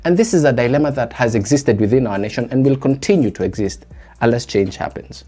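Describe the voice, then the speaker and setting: A young Kenyan man with a Kenyan accent talks through a solo podcast episode in a mellow, warm voice. He muses aloud and keeps putting rhetorical questions to his listeners, while faint music plays underneath. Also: mid-range voice, fast. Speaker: podcast host.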